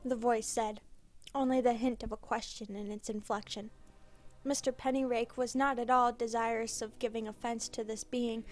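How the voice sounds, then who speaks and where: A woman narrating a scripted story in a measured, dramatic reading. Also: on the high side, flat delivery, soft background music.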